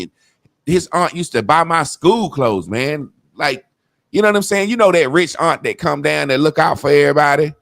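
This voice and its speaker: A man's voice: medium pitch, fairly bright tone, no room sound. A man telling a childhood story in casual, profane talk, acting out the people he quotes. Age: adult.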